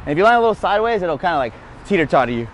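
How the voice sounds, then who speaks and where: A man's voice: high-pitched, sing-song, rapid-fire, heavy background noise. A man hosting a casual BMX how-to, talking on a lapel mic outdoors, out of breath, chatty and self-mocking. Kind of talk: casual spoken tutorial. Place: outdoors by a street rail.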